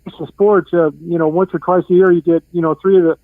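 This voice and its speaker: A man's voice: high-pitched, flat delivery, fast talker, no room sound. An older man calling in to a sports show, chatty and blunt, who keeps apologizing for his cursing. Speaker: caller. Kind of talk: casual sports chat. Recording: tinny, dry phone line.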